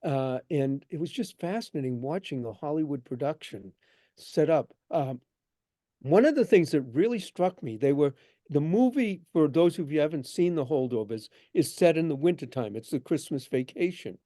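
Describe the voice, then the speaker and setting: A man's voice: fairly high pitch, moderate pace, dry recording. A man telling stories of his trade to an audience, acting out the people in them as he goes. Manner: animated anecdotes, acts out dialogue. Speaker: guest speaker, bookshop owner. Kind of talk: storytelling talk. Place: event hall.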